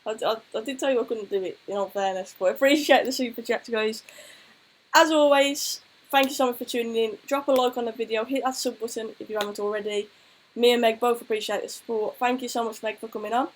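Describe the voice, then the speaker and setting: A woman's voice: fairly high pitch, steady tone, fast talker, low-quality recording. A woman co-hosting a casual football chat stream, thanking viewers and telling stories. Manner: chatty, thanks viewers, tells anecdotes. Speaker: co-host of a football chat show.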